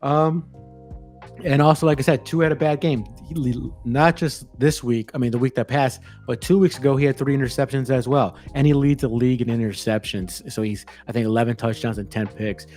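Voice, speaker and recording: A man's voice: mid-range voice, fairly even intonation, a little fast, darkish tone, soft background music. A man co-hosting a sports betting podcast, rambling and ranting with many restarts in casual chat. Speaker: podcast co-host.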